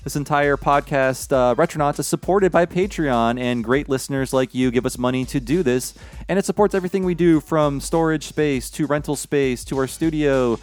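A man hosting a podcast in relaxed, chatty conversation, laughing often. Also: fairly high pitch, moderate pace, soft background music. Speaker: podcast host. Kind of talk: casual podcast chat.

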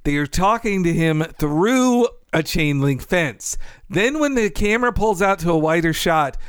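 Male podcast co-host, slightly high and smooth, dry close mic, casual and amused. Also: lively intonation, unhurried, no echo. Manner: laughs while recounting jokes. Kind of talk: casual chat.

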